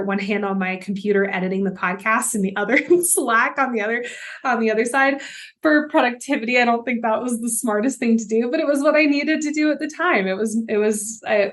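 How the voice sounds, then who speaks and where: Young woman, podcast host, casual candid monologue, laughs often, swears freely, mid-pitched voice. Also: fairly bright tone. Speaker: podcast host and life coach.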